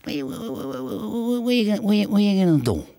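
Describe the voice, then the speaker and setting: Menacing New tough guy, a man putting him on, repetitive and confrontational, dark mellow tone, dry close sound. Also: sits high, very animated, fast, gravelly, no echo, voice pushed up, exaggerated voice. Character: menacing aggressive male New York tough-guy actor impression.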